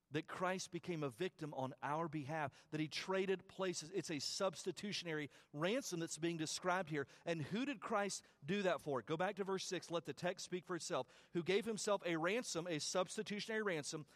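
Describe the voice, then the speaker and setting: Emphatic high-voiced pastor preaching. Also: male voice, moderate pace. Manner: emphatic preaching with repeated phrases and rising calls; conversational asides with stumbles and restarts. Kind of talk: sermon.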